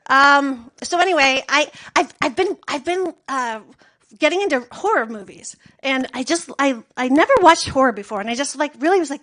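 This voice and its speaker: A woman doing a stand-up comedy set, telling long rambling bits in a deadpan way with lots of filler words. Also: high-pitched, brisk. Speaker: stand-up comic.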